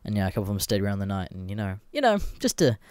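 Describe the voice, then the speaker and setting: A man's voice: on the low side, very animated, very fast, darkish tone, smooth, no room sound. Sweary young Australian man, dry close sound. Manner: sweary, rambling, laughs often. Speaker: podcast host. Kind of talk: casual solo chat.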